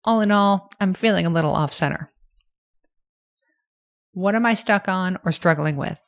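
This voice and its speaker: A woman hosting her own podcast, talking through her plans in a candid, self-reflective, measured way. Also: lowish voice. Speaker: podcast host. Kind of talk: reflective solo podcast monologue.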